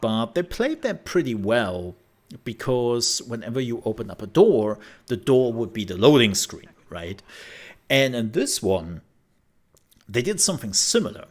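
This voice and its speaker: A man's voice: medium pitch, measured pace. A man from Germany, speaking English as a while casually commenting on a video game and acting out scenes as he tells them. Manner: animated storyteller who laughs and acts out scenes. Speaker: gaming channel host. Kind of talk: casual commentary over gameplay.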